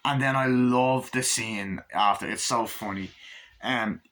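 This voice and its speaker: A man giving a casual movie review, retelling scenes in an animated way with lots of swearing and fillers. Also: mid-range voice, a little slow.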